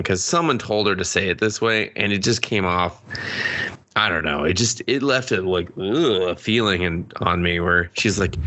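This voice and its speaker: Bright, lively man riffing on a movie. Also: fairly low pitch. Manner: profane, joking, acts out scenes in silly voices. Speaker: podcast co-host. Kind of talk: casual movie review chat.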